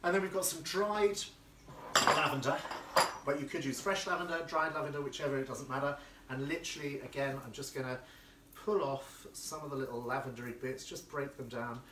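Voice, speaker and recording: A man's voice: medium pitch, steady tone, normal speed, fairly bright tone, far from the mic, a little hiss or hum. Chatty camp male host, cooking demo, echoey kitchen a bit off-mic, dishes clinking behind. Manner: camp, effusive, chatty, reads out viewer comments. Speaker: florist hosting a live cooking stream. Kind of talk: casual live cooking demo. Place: home kitchen. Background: clinking cutlery and dishes.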